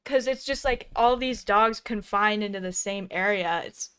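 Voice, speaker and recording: A woman's voice: mid-range voice, normal speed, a bit bright, smooth. A woman co-hosting casual reaction commentary, blunt and exclamatory, swearing casually. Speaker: co-host.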